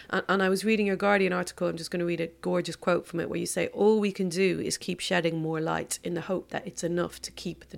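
A woman's voice: fairly low pitch, creaky. A woman hosting a podcast interview, emphatic and affirming as she talks with her guest. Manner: warm, emphatic, affirming listener. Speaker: podcast host. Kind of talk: conversational interview.

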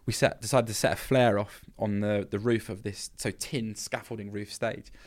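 A man, a festival founder and firefighter, telling animated, self-mocking stories with frequent laughs as a podcast guest. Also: lowish voice, normal speed. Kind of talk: casual storytelling interview.

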